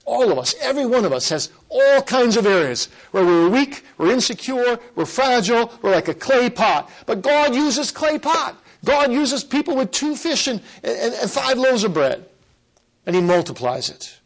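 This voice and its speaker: A man preaching a sermon, earnest and emphatic, repeating key phrases and slowing down to stress them. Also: very high voice, very animated, low-quality recording.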